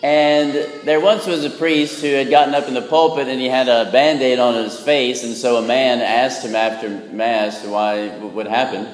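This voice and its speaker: The priest talks at a moderate pace with a steady tone and medium pitch, barely pausing. His homily is folksy and humorous, sprinkled with "right?", and long reverb echoes through the church.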